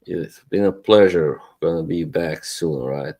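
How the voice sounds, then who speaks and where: A man with a very low, dark voice hosts a relaxed live stream. He talks slowly, rambles, chuckles often and lets his sentences trail off. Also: slightly rough.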